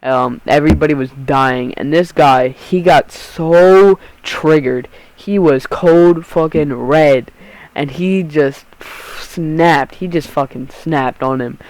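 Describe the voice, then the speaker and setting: A teenage boy with a fairly high voice, telling a casual storytime vlog. He rambles and swears freely, and he keeps restarting his sentences. The sound is dry and close. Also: takes it slowly, a little mellow, no room sound, poor audio. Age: teens. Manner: rambling, profane, self-interrupting. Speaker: YouTube storyteller.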